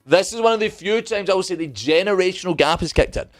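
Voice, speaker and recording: A young adult streamer with a fairly high voice tells a story quickly in a loose, casual way, animated and profane. He keeps slipping into other people's lines, and faint music plays in the background.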